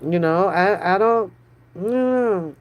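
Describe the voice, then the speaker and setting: A woman hosting a live stream, chatting casually with viewers in a slow, drawn-out way, often brushing things off with a dismissive "mm-mm". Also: medium pitch. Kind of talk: casual chat.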